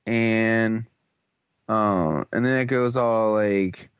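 A man's voice: on the low side, drawn-out words, clear, resonant tone, dry recording. A young man casually recapping a TV episode, rambling and playful, full of slangy asides and goofy quoted voices.

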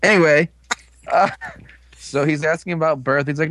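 A man's voice: medium pitch, a little fast, a bit bright, no room sound. Rambling man with a dry, close sound. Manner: rambling, filler-heavy, amused retelling. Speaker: podcast co-host recapping an episode. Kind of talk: casual chat.

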